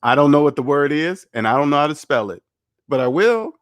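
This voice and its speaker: A man's voice: fairly high pitch, big pitch swings, fairly quick, dry recording. A man hosting a finance livestream, rambling and candid as he reads the chat aloud and chats casually.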